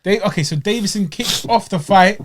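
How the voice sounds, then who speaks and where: A man's voice: sits high, normal speed, a little hiss or hum. A young man co-hosting a podcast, bantering playfully and using slang. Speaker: podcast co-host. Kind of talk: casual chat.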